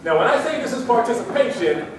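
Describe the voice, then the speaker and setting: A man giving a live seminar talk to an audience, animated and drawing them into call-and-response. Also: very high voice, quick pace, background noise. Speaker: public speaking trainer. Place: large room with audience. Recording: echoey hall from far off.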